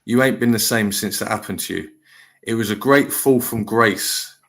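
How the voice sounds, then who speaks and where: A man's voice: on the low side, normal speed, creaky, fairly bright tone. A middle-aged man hosting a live stream panel, talking bluntly and lecturing in a heated chat.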